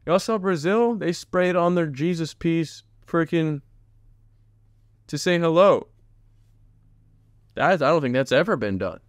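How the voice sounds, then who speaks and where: A man's voice: mid-range voice, clean tone, dry recording, clean studio sound. A man hosting a casual solo podcast, chatting in a rambling way, jumping between tangents and talking straight to his viewers. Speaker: podcast host.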